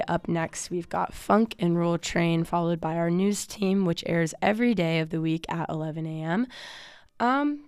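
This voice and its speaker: A young woman radio DJ with a hoarse voice, signing off her show in a laid-back way with lots of "um"s. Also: fairly low pitch, unhurried, pushed and bright, no room sound, faint music behind. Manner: laid-back, frequent "um" fillers. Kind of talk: casual on-air sign-off. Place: radio studio.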